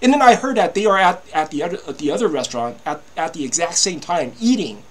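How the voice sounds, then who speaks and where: A man in his fifties delivers an agitated monologue to camera in a high, swooping voice. He stumbles over restarts, leans on "you know" and curses casually. His pitch leaps up and down as he complains. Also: lively intonation, quick pace, a little hiss or hum. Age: 50s. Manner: swears freely. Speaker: vlogger.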